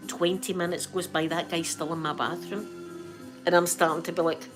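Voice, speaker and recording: A middle-aged Scottish woman hosting her channel, telling a story in an animated, chatty, colloquial way. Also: lowish voice, moderate pace, over music. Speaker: channel host. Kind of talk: storytelling chat.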